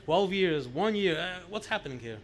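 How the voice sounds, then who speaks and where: Against slight background noise, a high-pitched New York rabbi in his sixties recounts stories at a gathering at normal speed. His telling is animated, with acted-out dialogue and Yiddish phrases woven throughout.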